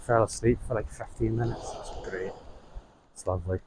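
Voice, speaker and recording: A travel vlogger from Donegal, Ireland, chats to camera on a beach, rambling easily with slang and swearing. His low-ish voice keeps a fairly even intonation at normal speed, recorded on a clip-on mic with outdoor wind noise.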